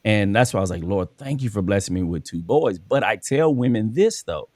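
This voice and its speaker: A man's voice: on the low side, lively intonation, fairly quick, a little mellow, no room sound, studio quality. A man hosting a casual conversation, telling stories from his work as a coach and acting out the dialogue. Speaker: podcast host and school coach.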